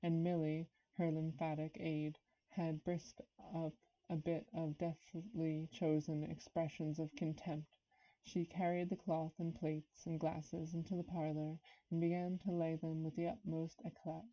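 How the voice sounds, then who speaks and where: A woman's voice: sits low, level tone, a little slow, dark tone. A woman reading a classic novel aloud on a live stream, a bit nervous, stopping now and then to chat with viewers. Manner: nervous, stops to comment and greet chat viewers. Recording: dull lo-fi stream audio.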